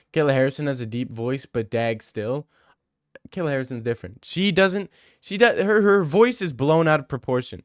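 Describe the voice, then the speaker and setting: A young male streamer chats loosely with his viewers, crude and rambling, always joking. His pitch sits in the middle for a man. The sound is dry and close, with no echo. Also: normal speed. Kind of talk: casual livestream chat, answering viewer messages.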